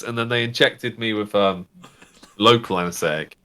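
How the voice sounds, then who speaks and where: Brief: young man, casual storyteller, animated, swears freely. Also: fairly low pitch, moderate pace. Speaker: game master host. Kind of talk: casual chat, storytelling anecdote.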